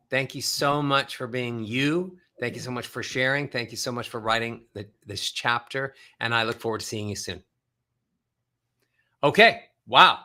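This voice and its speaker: A man hosting an interview, enthusiastic and full of praise, pitching a book to viewers. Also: sharp tone. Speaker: host.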